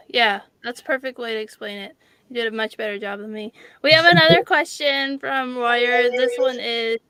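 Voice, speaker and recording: Female host, higher pitch, smooth crisp tone, chatty. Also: sharp tone, no echo. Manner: upbeat, conversational, with "like" fillers. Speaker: interview host. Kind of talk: casual interview over video call.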